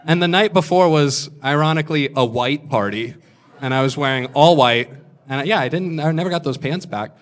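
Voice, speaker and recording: A man's voice: a little high, fairly quick. A man in his thirties telling stand-up stories, crude and self-mocking, slipping into other people's voices. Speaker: stand-up comedian. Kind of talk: stand-up storytelling.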